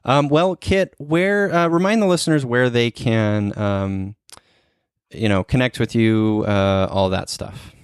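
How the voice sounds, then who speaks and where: A man hosting a podcast interview, talking in an earnest, gentle way with many pauses and ums. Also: mid-range voice, clean tone, dry recording, clean studio sound. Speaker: podcast host. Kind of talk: casual interview chat.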